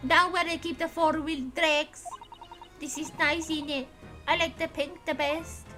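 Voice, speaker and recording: A brash young street pickpocket with slangy swagger, as a woman game streamer voices her. The voice sits very high and sounds sharp and bright. Faint music plays behind. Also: fairly even intonation, unhurried. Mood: cocky.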